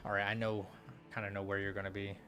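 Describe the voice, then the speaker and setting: A young man streaming a game who rambles through stories, laughs often, and mutters quietly to the game in between. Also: fairly low pitch, monotone, fast, noisy background. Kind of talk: casual live-stream chat.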